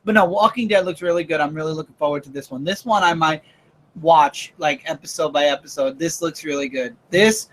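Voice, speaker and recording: Male host, high-pitched, eager and opinionated, casual chat. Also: fairly bright tone. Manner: eager, opinionated, quick to jump in. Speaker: podcast host. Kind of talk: casual chat about comics and TV.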